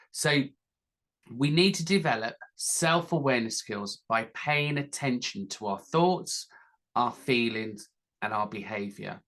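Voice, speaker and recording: A man's voice: mid-range voice, fairly bright tone. A man talking through mental health tips in an informal teaching style, acting out his own inner self-talk as examples.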